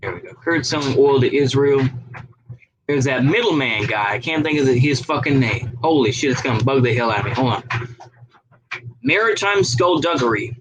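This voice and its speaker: A man's voice: medium pitch, expressive, moderate pace, background noise. A man video blogger in a casual, profane and heated rant, who stops to read articles aloud.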